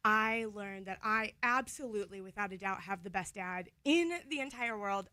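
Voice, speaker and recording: A woman's voice: mid-range voice, moderate pace, hardly any pauses, sharp tone, dry recording. A young woman from the Toledo area, co-hosting a morning radio show in casual chat, getting emotional and laughing through tears. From Toledo, Ohio area. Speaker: radio co-host. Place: radio studio. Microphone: studio microphone.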